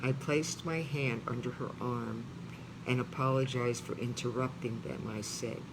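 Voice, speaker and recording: Guy reading a book out loud real slow and heartfelt, noisy background hum. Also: mid-range voice, steady tone. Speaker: reader. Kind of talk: reading a memoir aloud with asides.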